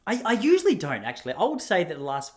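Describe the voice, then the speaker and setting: A high-sitting, darkish male voice with huge swings in pitch and a fast delivery. He's an Australian podcast host rambling through a self-deprecating story in a casual monologue, laughing often as he goes.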